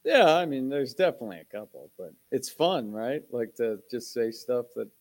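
A man co-hosting a podcast, joking and animated in casual chat. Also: mid-range voice, normal speed. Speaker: podcast co-host.

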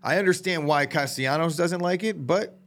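A man's voice: fairly high pitch, a little fast, fairly bright tone. A man co-hosting a casual sports podcast, blunt and swearing casually. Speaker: podcast co-host.

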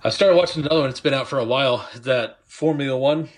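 A man's voice: medium pitch, fast. A man co-hosting a casual sports podcast, talking in a laid-back way with short replies. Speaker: podcast co-host.

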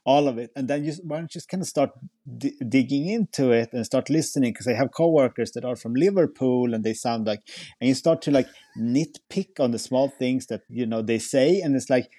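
A man's voice: medium pitch, brisk, warm tone, no echo. A young man speaking English as a podcast guest, rambling casually with many fillers and restarts. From Sweden. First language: Swedish. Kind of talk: casual chat.

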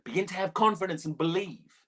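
A preacher delivering a sermon, animated and expressive, with frequent laughs. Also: medium pitch, a little fast, slightly rough. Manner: animated, acts out the quoted speech in a raised voice, laughs often.

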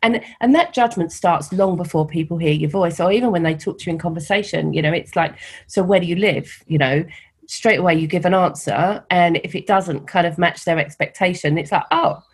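A middle-aged woman with a softened London Cockney accent, talking candidly as an interview guest and telling stories with animation. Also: lowish voice, fairly quick, breathy edge. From East London, England. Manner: candid, animated storytelling with laughs. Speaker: guest, founder of a women's network. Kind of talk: conversational interview.

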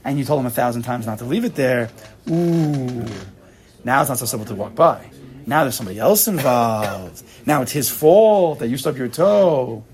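Animated man teaching a Torah class. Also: medium pitch, normal speed. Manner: animated, acts out little dialogues, frequent repeats.

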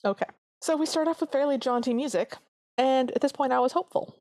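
A woman's voice: sits high, a little mellow, dry recording, clean studio sound. A woman co-hosting a podcast, reviewing an old cartoon in an earnest, chatty way. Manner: chatty, earnest, quick asides. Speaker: podcast co-host. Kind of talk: casual review chat.

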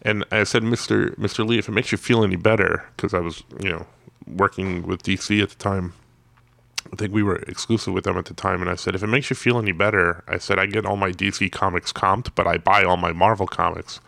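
A man's voice: sits low, fairly even intonation, brisk, creaky, fairly bright tone, no echo. A man, a comic artist guest, telling casual anecdotes in a rambling way with many restarts. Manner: rambling, self-repeating storyteller.

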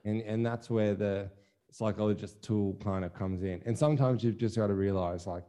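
A man's voice: lowish voice, fairly even intonation, moderate pace, warm tone, smooth. A young adult man co-hosting a podcast, speaking candidly and thinking aloud, with lots of "like" and some mild swearing. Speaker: podcast co-host, musician. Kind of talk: casual chat.

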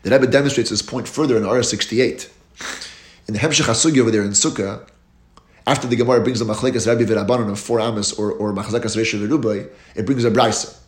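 A man giving a Talmud lecture, explaining each step in a steady teaching cadence and lifting his voice on key terms. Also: lowish voice, quick pace. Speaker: Torah teacher. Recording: echoey room.

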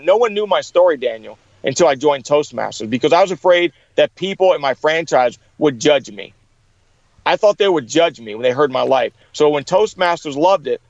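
A middle-aged man with a fairly high voice tells his story, acting out the people he quotes. The recording is dry and a little dull. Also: dry recording. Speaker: guest. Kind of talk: storytelling in an interview.

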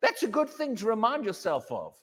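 With huge pitch swings, a fairly quick pace, and a slightly rough, somewhat bright voice, an English pastor preaches emphatically in a church hall. He repeats words and mocks a wailing believer in a high voice, under long hall reverb.

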